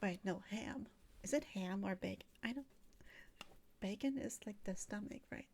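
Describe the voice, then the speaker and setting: A woman's voice: mid-range voice, moderate pace, a little mellow, a little hiss or hum. A young woman chatting casually on a livestream while she draws. She rambles, laughs often and swears freely. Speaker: streamer.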